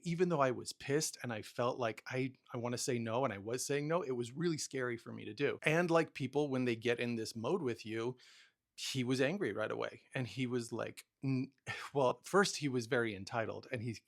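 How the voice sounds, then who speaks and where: A man with a gravelly, fry-edged voice at a middle pitch talks through personal advice in a casual monologue. He tells stories about himself candidly and self-deprecatingly, often restarting his sentences. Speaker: podcast host.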